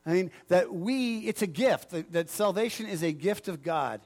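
A man's voice: sits high, lively intonation, normal speed, a little mellow. A man pastor preaching a sermon in a conversational way, joking with the congregation.

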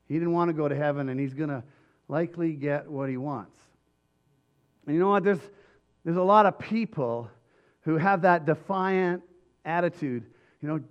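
Guy preaching a sermon, bit high voice going hoarse, lots of emphatic restarts, muffled lo-fi sound. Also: moderate pace, long pauses. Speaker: pastor.

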